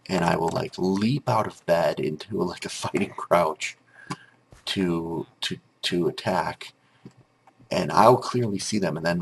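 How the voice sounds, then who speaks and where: A man's voice: low-pitched, gravelly, a little hiss or hum. A grown man telling a rambling story over gameplay commentary, with frequent restarts and filler words. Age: adult.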